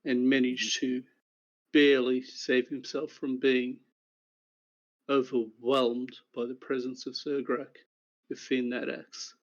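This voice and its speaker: Male game master, unhurried even recap narration, flat intonation. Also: mid-range voice, highs cut off. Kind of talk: recapping a tabletop game session.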